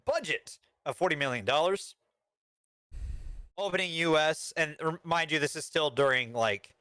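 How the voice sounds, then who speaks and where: As a podcast co-host, a man casually reviews movies, swearing freely and slipping in dry jokes. His voice is bright, forceful, and fairly high, and the sound is dry and close with no room sound.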